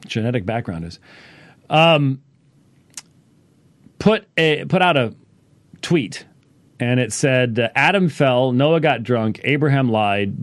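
A man teaching on a Bible passage in a casual, halting way, full of fillers and restarts. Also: mid-range voice, dry recording. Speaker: pastor.

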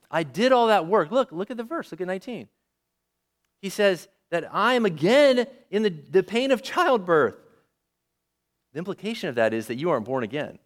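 A male preacher delivering a sermon with a lively, animated voice that swings up and down. He is fairly high-pitched for a man and keeps turning to his listeners with questions. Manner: lively, asks the audience questions.

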